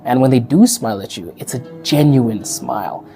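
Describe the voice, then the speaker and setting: A man's voice: mid-range voice, expressive, normal speed, vocal fry, dark tone, faint music behind. A man from Africa who hosts a podcast, chatting casually to the camera, laughing often and acting out the people he quotes. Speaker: podcast host and teacher.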